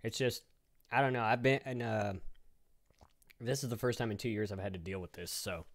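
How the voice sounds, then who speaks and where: A man's voice: on the low side, normal speed. A man hosting a casual live-stream town hall, talking loosely with a guest and his chat. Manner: relaxed, loose, laughs easily, talks to chat.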